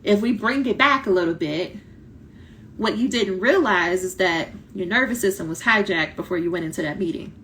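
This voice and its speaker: A woman coaching doctoral students in a casual live talk, blunt and lively, acting out quoted voices, her voice starting to tire. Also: mid-range voice, moderate pace, a little hiss or hum. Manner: animated, blunt, talks directly to viewers, acts out quoted voices. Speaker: dissertation coach.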